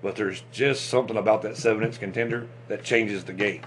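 A man hosting a fishing channel, chatting casually and excitably about tackle, with lots of restarts and fillers. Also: on the low side, brisk, slight background noise.

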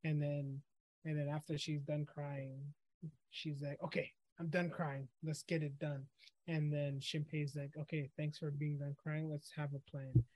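A man's voice: on the high side, level tone, measured pace, a little mellow, no room sound. A man co-hosting a podcast, casually recapping an anime episode and acting out the characters' lines as he goes. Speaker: podcast co-host.

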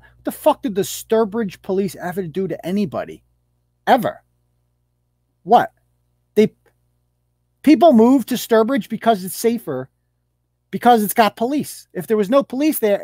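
Here a male live-show host reads rules aloud while ranting, swearing, being sarcastic, and tossing out derisive rhetorical questions. His voice is high and dark-toned, with lively intonation at a moderate pace. The sound is clean studio quality, free of echo.

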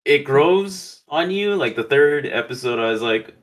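Laid-back man, hesitant and halting. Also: mid-range voice. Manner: hesitant, lots of fillers, relaxed. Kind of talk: casual chat.

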